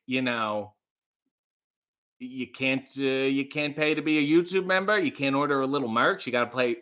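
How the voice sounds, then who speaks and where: A man's voice: fairly high pitch, sharp tone. A man in his thirties hosting a casual livestream, chattily reading out viewer comments and reacting to them. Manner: chatty, reads comments aloud, sings lyrics in a mock voice. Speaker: host.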